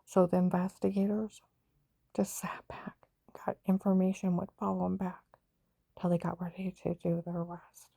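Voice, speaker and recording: A woman's voice: on the low side, little pitch movement, moderate pace, creaky, dark tone, dry recording. An older woman giving an urgent, rambling personal account of her own experiences. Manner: intense, urgent storytelling. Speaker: vlogger telling her own story.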